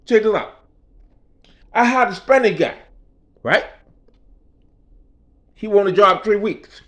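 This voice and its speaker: A man's voice: high voice, expressive, takes it slowly, fairly bright tone. A man telling a story in a casual rant, emphatic and profane, in street vernacular. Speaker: vlogger.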